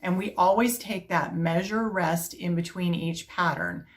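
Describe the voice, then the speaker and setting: Low-voiced music teacher chanting rhythms. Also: female voice, unhurried. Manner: chants rhythm syllables in steady beats; explains step by step in a calm, practical way. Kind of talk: teaching video demonstration.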